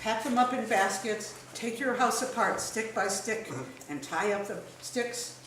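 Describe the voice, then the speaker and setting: A woman voicing an old wise village man who speaks slowly and calmly, in a low, pondering way. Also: slight background noise. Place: live stage in a hall. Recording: echoey hall from far off.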